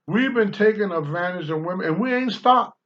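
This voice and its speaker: Blunt, profane older man, lively high voice. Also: a little fast. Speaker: guest, former pro wrestler. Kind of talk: candid talk-show storytelling. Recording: dull lo-fi sound.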